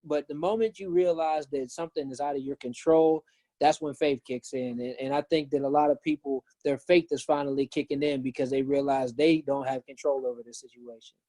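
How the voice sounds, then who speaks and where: Guy talking faith story, warm mellow voice, dry close sound, gets animated. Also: mid-range voice, brisk, no echo. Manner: earnest, animated when retelling. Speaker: pastor and author guest. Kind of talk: casual storytelling.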